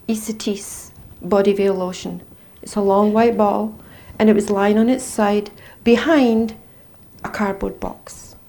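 A middle-aged Scottish woman telling her personal story in a halting, intense way that swings between hushed and raised. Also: medium pitch. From Scotland. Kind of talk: personal testimony.

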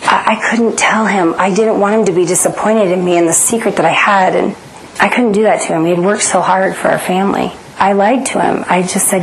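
A woman's voice: medium pitch, fairly even intonation, a little fast, a little hiss or hum, poor audio. A woman, earnestly telling an emotional personal story and acting out the dialogue. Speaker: guest telling her story. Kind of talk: personal testimony.

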